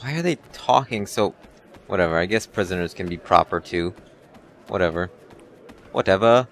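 An excitable man talking over his gameplay, joking and cursing at what happens on screen. His lowish voice swings widely up and down, with faint noise behind. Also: brisk. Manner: excitable, joking, swears at the game. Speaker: gameplay commentator. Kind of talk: casual let's-play commentary.

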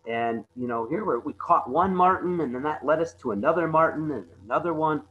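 A man giving a conservation talk over slides, halting often and repeating words with many fillers. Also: fairly high pitch, narrow, tinny audio, slight background noise. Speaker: conservation presenter. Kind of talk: webinar slide presentation.

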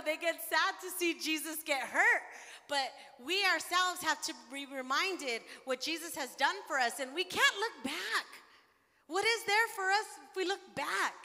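A young adult woman preaching a sermon to a women's gathering in a church, speaking with passion and rising to shouts at her peaks. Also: very high voice, in a large hall. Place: church sanctuary.

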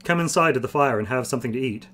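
A man reading aloud and voicing a calm, kindly old wizard in a welcoming way. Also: mid-range voice, rapid-fire, lightly acted.

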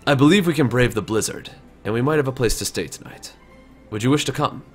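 A man voicing Jacob, a calm, courteous warrior leader in a tabletop game, speaking in measured, formal sentences. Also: medium pitch, faint music behind, natural voice. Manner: measured, polite, formal speech.

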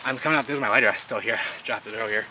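A man vlogging outdoors, narrating as he digs through ruins, rambling and excitable and repeating himself. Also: medium pitch, fast talker. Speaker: vlogger exploring urban ruins. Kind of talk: casual outdoor vlog narration. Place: outdoors in a wooded city lot. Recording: noisy outdoor camera audio.

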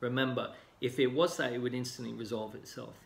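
Man, mid pitch, easygoing coach explaining in a roomy space; filler-heavy, mimics the people he describes. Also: a little fast, creaky. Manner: relaxed, explanatory, many fillers, acts out clients' lines. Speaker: healing coach. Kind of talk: casual talk to camera. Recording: roomy echo.

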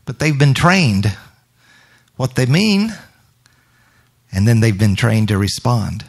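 Male minister, unhurried reflective sermon delivery, mid-pitched voice, quotes scripture. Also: very animated, vocal fry. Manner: slow, reflective, scripture quoting. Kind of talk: spontaneous sermon during worship.

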